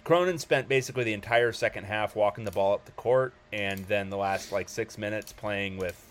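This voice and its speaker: A man's voice: on the low side, brisk. A man hosting a casual sports podcast, talking loosely with lots of ums and restarts. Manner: hesitant, many ums and restarts.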